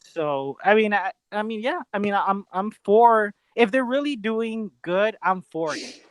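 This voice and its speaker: A man co-hosting a podcast in loose, animated casual chat, full of fillers and jokes. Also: high-pitched, measured pace, smooth. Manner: animated, filler-heavy, jokey. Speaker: podcast co-host.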